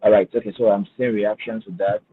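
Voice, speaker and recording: On a webinar with screen share, a man speaking as a finance guest fumbles and repeats words, then explains his points with emphasis. He's a fast talker with a lowish voice and level tone, and the video-call audio makes his husky voice sound tinny, like a phone line.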